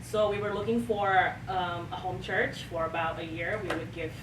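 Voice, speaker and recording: A woman guest on a church podcast, chatting about her work in a relaxed and friendly way. She is recorded from a distance in an echoey room. A steady noise runs behind her voice. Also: on the low side, normal speed. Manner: friendly, easygoing, with fillers. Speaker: church communications administrator, guest. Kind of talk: casual interview answers. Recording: roomy distant mic with noise.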